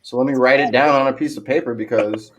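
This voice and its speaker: A man's voice: mid-range voice, fairly even intonation, fast, slight background noise, natural voice. A man putting on a nerdy voice for a fussy, pedantic character who over-explains everything. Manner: prim, over-explaining delivery.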